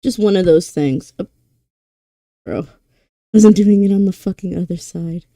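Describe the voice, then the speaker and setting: A young woman chats casually on her stream in a slow, slangy way. Her voice is mellow and warm, recorded dry and close. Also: fairly low pitch, no room sound. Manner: drawn-out, slangy chatter.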